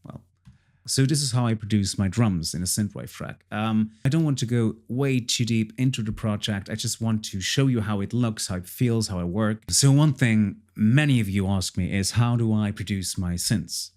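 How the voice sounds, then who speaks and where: A man's voice: on the low side, moderate pace, a little mellow. A man casually walking through his own song project as a producer, chatty and repeating himself with frequent fillers. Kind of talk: casual tutorial walkthrough.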